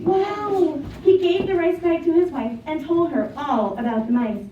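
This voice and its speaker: A woman telling a children's story in an animated way, inviting the children to join in. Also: sits high, unhurried. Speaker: storyteller and teacher. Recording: echoey, distant, dull, piano behind.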